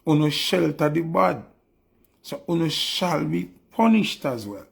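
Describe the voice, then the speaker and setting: A man's voice: on the high side, animated, measured pace, vocal fry, breathy edge. A man with a Jamaican accent delivering a heated, preachy monologue straight to his viewers, his anger rising as he goes. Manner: preachy, rising to angry shouting. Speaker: video commentator.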